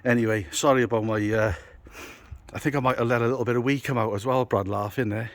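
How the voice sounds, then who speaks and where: A British man speaking at an ordinary middle pitch as he hosts a casual building-site vlog. His talk is jokey, teasing and chatty, like a tradesman filming on his own phone. It is recorded outdoors in a garden work site. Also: steady tone, quick pace, no room sound. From United Kingdom. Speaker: builder and landscaper, channel host. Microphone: phone camera held by the speaker.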